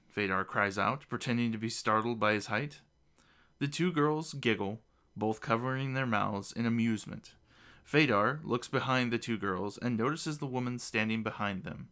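A man narrating a fantasy storybook in an expressive, lively reading voice. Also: mid-range voice, moderate pace.

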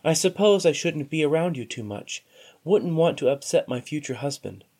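A man voicing a kind young noblewoman in a storybook reading, speaking softly and quietly. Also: a little high, expressive, moderate pace. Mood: gentle. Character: gentle young noblewoman, kind but firm.

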